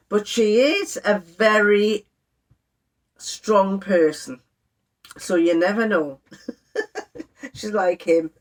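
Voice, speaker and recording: An older woman, chatting to camera in a sewing vlog, telling an exasperated family story with lively quoted voices. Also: on the low side. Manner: chatty, exasperated, animated when quoting others. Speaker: sewing vlogger.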